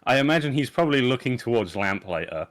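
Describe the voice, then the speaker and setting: A man playing a tabletop game, lively and quick to laugh at his own plans. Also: mid-range voice. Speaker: player. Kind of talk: casual tabletop play.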